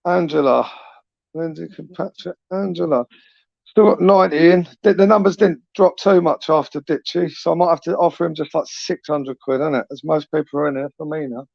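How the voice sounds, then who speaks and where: A man's voice: a little high, fairly even intonation, fairly quick, gravelly, dry recording. A man hosting a casual live stream, chatting in slang, tagging questions onto his sentences and reading out viewer comments. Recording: dull, lo-fi, dry.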